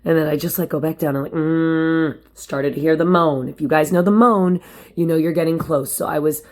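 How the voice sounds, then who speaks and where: A woman with a fairly low alto voice talks casually to camera at home. Her delivery is chatty and animated, and she speaks directly to her viewers as she tells her story. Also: moderate pace. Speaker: vlogger. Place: at home, lit by window light.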